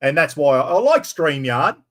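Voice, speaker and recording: Australian male streamer, slightly high voice, loud, rambling and salty-mouthed, casual live chat. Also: big pitch swings, moderate pace. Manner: loud, rambling, swears freely.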